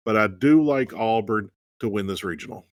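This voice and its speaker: A man's voice: lowish voice, normal speed, dry recording. A man co-hosting a casual sports talk show, speaking in a laid-back, joking way. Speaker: co-host.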